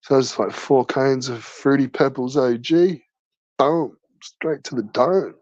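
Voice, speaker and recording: Aussie bloke on a livestream, swears nonstop, drawls slow, dull dry lo-fi mic. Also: male voice, mid-range voice, a little mellow, dry recording. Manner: crude, swears constantly, laid-back slangy banter. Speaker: livestream host. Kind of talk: casual livestream chat.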